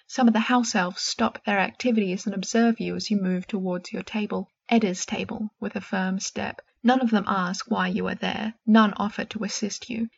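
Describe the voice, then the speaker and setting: A woman with a husky voice narrating a second-person fan-fiction story in a soft, gentle way. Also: mid-range voice, muffled recording.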